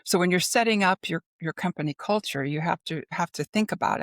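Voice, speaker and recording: A middle-aged businesswoman, a consultant, chats casually as a guest on a podcast interview, filling her speech with fillers and acting out her anecdotes with animation. Her voice is fairly low and fairly quick, with few pauses. The recording is studio quality with no room sound.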